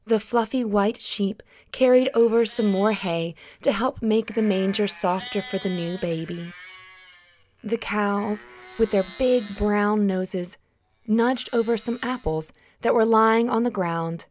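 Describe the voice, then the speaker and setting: A woman hosting a children's Bible story, reading gently and asking her young listeners to answer aloud, her voice still recovering from having been lost. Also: mid-range voice, takes it slowly, slight background noise.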